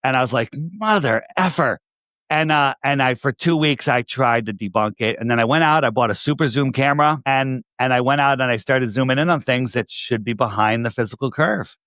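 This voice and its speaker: A man's voice: mid-range voice, brisk, hardly any pauses, a bit bright, dry recording, clean studio sound. A man with a New York area accent, talking as a guest on a video call, pressing his points with emphatic rhetorical questions. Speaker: podcast guest. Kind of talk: casual conversation.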